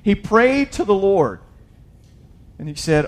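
Animated male preacher, loud to hushed. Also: high voice, takes it slowly, long pauses. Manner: conversational, paraphrases scripture casually. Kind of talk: sermon.

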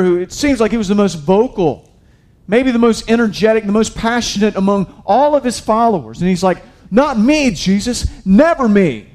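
Male pastor, slightly high voice, chatty sermon delivery with lots of restarts. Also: darkish tone. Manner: conversational preaching, addresses listeners as guys, many restarts.

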